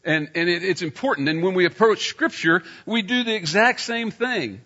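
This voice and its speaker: A middle-aged man preaching a sermon, telling a personal story and getting loud when he acts out scenes. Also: sits high, lively intonation, normal speed, highs cut off.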